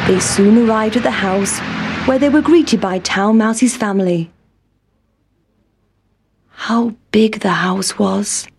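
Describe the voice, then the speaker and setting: A woman reading a children's storybook aloud in a slow, clear, expressive way. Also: a little high, noisy background.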